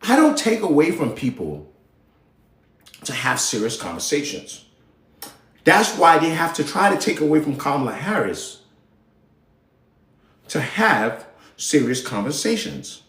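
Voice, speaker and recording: Animated man ranting in a roomy space. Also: fairly high pitch, a little slow, long pauses. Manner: animated, heated, slangy and profane. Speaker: live show host. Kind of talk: casual political rant.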